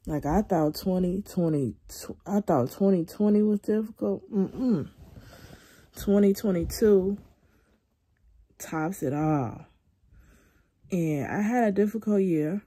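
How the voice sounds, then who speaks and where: A young woman vlogging casually from her bed at home into a phone camera, venting in a weary, drawn-out way and sounding slightly congested. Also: mid-range voice, warm tone, slightly rough. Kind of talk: casual confessional vlog.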